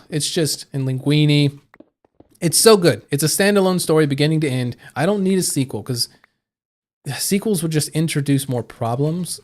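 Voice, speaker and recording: A man's voice: mid-range voice, darkish tone. Rambling young man chatting on stream. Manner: rambling, thinking aloud with fillers and restarts. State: hiccuping. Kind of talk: casual live-stream chat.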